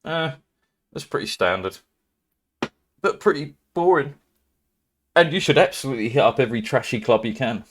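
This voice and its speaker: A man's voice: medium pitch, lively intonation, normal speed, long pauses. A British man chatting casually to his live-stream viewers, rambling, swearing freely and laughing often. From Britain. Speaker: livestreamer.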